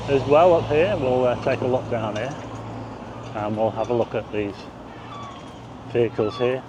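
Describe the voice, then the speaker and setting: A man's voice: medium pitch, noisy background. A middle-aged man giving a chatty, meandering walking-tour commentary on town streets, with asides to the viewer. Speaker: vlogger. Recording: slightly dull outdoor street recording.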